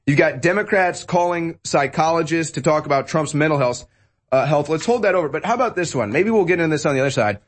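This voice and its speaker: A man's voice: fairly high pitch, lively intonation, fast talker. Sarcastic young male talk-show host. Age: young adult. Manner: sarcastic, jokey, mock-shocked voices. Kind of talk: political talk show banter.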